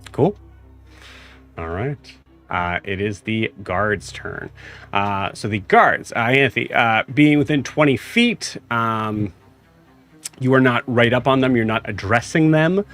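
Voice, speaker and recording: A young man narrating as game master, halting and full of fillers as he describes the scene. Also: medium pitch, lively intonation, a bit bright, faint music behind.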